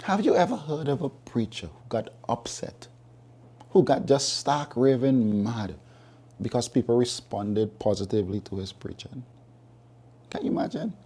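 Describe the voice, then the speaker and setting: A man's voice: mid-range voice, lively intonation, moderate pace, dark tone, husky. A man preaching a sermon, emphatic and repeating key phrases as he reasons with the listeners.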